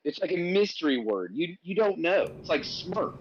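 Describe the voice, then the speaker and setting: A man's voice: fairly high pitch, big pitch swings, normal speed, a little hiss or hum. Southern guy from alabama, joking around on a stream, bouncy voice, kinda muffled dry audio. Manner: joking, teasing banter. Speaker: livestream host. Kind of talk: casual chat.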